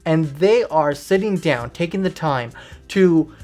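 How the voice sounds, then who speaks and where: A woman's voice: sits low, animated, measured pace, warm tone, faint music behind. A woman talking through a casual, opinionated video essay, informal and loose with fillers.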